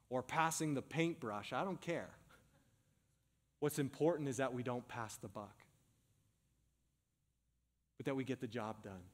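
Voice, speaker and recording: A male pastor preaching with fervent, emphatic conviction in a voice of middling pitch. He stacks up rhythmic repeated calls to his congregation, then drops into a soft, unhurried prayer. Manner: slows and softens into a hushed prayer. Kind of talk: sermon.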